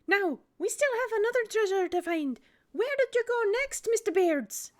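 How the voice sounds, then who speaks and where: A woman's voice: very high voice, animated, voice pushed up. A woman voicing a small male pug dog who runs a shop and takes charge of the group. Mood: bossy. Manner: brisk, encouraging, in charge.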